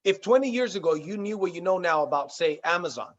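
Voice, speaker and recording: A man's voice: sits high, animated, fast, muffled recording. A man giving a business training talk, coaching listeners directly and acting out sample phone invitations. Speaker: sales trainer.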